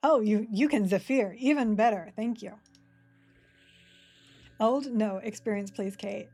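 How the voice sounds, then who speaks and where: Mellow Australian woman streaming a game. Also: mid-range voice, unhurried, pauses often, soft background music. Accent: Australian, partly Americanized. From Sydney, Australia. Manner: chatty and laid-back, laughs often, answers chat between game moves. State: dry throat. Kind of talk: casual live-stream commentary while playing.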